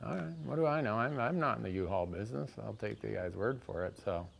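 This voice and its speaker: A man's voice: on the low side, fast, vocal fry, slight background noise. Man spinning a wry shop-floor yarn. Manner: lively storyteller, restarts sentences, wry asides. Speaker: storyteller on an outdoors show. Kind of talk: casual spoken anecdote.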